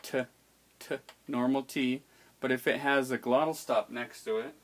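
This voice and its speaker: A man's voice: medium pitch, steady tone, normal speed. A man teaching how to pronounce the letters of an alphabet, patiently demonstrating each sound aloud. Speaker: language teacher. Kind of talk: explaining an alphabet's pronunciation.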